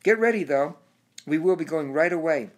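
A man voicing a calm, wise old male turtle who guides the listener in a storybook reading. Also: a little high, normal speed, natural voice. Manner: calm, reassuring. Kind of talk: audiobook character voice.

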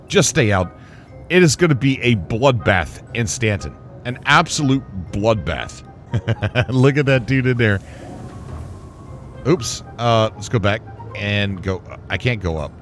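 A man hosting a gaming channel who gives casual gameplay commentary, excitable and rambling and often laughing. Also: on the low side, slow, soft background music.

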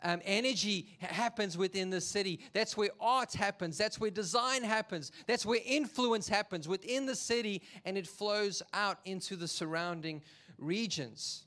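Preacher guy, high voice, jokey animated sermon. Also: normal speed. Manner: animated, jokey storytelling with acted quotes. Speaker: pastor.

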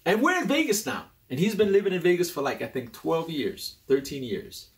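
Man, young adult, casual talk host, rambling, restarts, lively pitch swings. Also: moderate pace. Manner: animated and rambling, with many restarts and sudden jumps in pitch. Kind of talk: casual personality-type talk.

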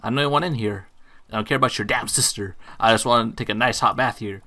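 A man's voice: mid-range voice, quick pace, pushed and bright. A man voicing a grumpy male bathhouse customer complaining about a cold bath, read from game dialogue. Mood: annoyed.

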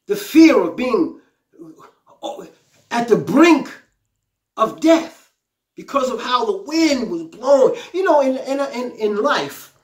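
A man's voice: extremely high pitch, big pitch swings, takes it slowly, long pauses, echoey room. A man preaching a sermon with fervent exclamations, repeating his lines and acting out the scripture in a pleading voice. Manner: paraphrases the scripture aloud in a pleading voice.

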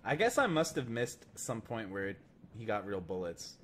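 A man's voice: fairly low pitch, big pitch swings, moderate pace, slight background noise. A man giving casual, joking commentary as he plays a video game. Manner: joking asides over game dialogue. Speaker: let's play host.

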